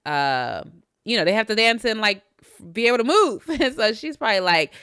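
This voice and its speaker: A woman co-hosts a casual recap chat, lively and laughing often as she acts out what people said. Her voice is bright and crisp. It is recorded close and dry. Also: a little high, fairly quick, no echo. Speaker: podcast co-host.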